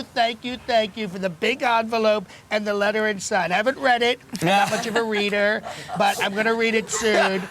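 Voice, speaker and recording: A bragging, rambling president blusters through superlative after superlative in a high, bright voice, as a man does the impression. His pitch sits well above the usual male range and the tone is sharp and forward, with a faint hiss of noise behind. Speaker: impersonator.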